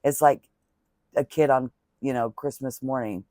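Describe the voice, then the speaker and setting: A man's voice: medium pitch, steady tone, unhurried, darkish tone, no room sound, studio quality. A man chatting casually to camera as a crochet vlogger, rambling and heartfelt, thanking viewers with religious blessings. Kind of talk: casual talking-to-camera vlog chat.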